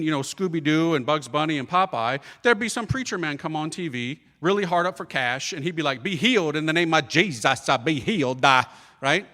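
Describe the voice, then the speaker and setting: A man, a priest, telling a lively, humorous conversion story, acting out the voices of the people in it. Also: high voice. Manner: animated, acts out voices of others, humorous. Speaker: priest giving a testimony talk. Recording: reverberant hall.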